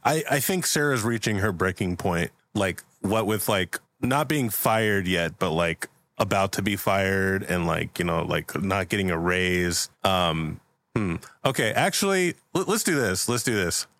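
Rambling low-voiced man telling a story. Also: expressive, a little slow, fairly bright tone. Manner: rambling, full of likes and fillers. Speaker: podcast host. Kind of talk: improvised comedy storytelling.

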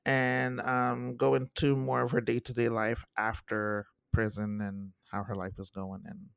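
On a podcast, a young male co-host reviews a TV series in relaxed conversation, his voice carrying a gravelly fry. Lively and animated, he performs what people said using high voices. There's no room ambience; the sound is close and dry.

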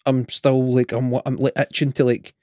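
A man's voice: mid-range voice, flat delivery, normal speed, warm tone, no echo. Rambling Scottish man, dry close sound. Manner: rambling, hesitant, with many fillers and restarts. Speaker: podcast co-host. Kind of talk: casual chat.

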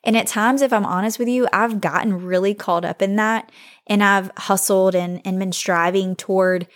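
A woman's voice: mid-range voice, steady tone, normal speed. Young woman podcast host, solo, earnest and heartfelt, mid-range voice. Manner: earnest, heartfelt, faith-focused.

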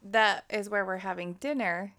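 An excitable woman co-hosting a loose, casual podcast. She laughs often and swears freely. She comes from Colorado. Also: mid-range voice, normal speed. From Colorado, USA. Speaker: podcast co-host. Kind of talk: casual chat.

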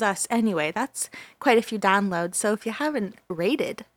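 A woman co-hosting a podcast in casual chat, excitable and gushing, laughing often. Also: medium pitch, normal speed, dry recording. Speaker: podcast co-host.

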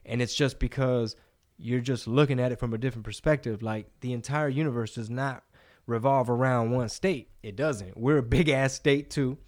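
A man talking on a podcast in a loose, animated way, dropping slang and swearing freely. His voice sits at an ordinary middle pitch for a man, and he talks casually with his co-host. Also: normal speed. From Texas.

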